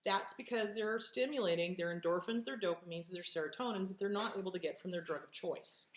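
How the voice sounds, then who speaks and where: Brisk and low-voiced, this woman fields relationship questions as a show host in a roomy-sounding recording. Her casual talk is blunt, profane, and emphatic, and she animatedly performs the reactions she quotes.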